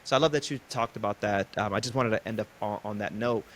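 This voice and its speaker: A man's voice: lowish voice, quick pace, a bit bright, slight background noise. A middle-aged man hosting a podcast interview, talking in an earnest, casual way with fillers, and telling stories. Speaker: podcast host.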